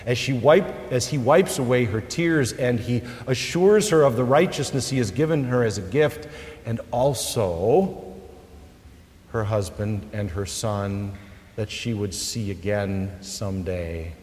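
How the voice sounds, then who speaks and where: A male pastor preaching a sermon, swelling loud at high points and dropping soft and low for emphasis. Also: measured pace. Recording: long reverb of a large hall.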